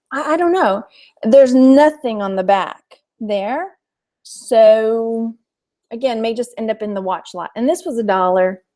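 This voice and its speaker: A chatty woman from Texas hosts a casual live stream about her resale finds. She laughs easily as she talks, and her voice sits slightly high. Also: darkish tone. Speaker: reseller hosting a live stream.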